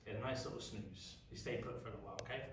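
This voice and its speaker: Rapid-fire and low-pitched, this English-accented youth pastor keeps a youth Bible study casual and chatty, frequently quizzing the group. The distant mic picks up an echoey church youth room along with a little hiss or hum.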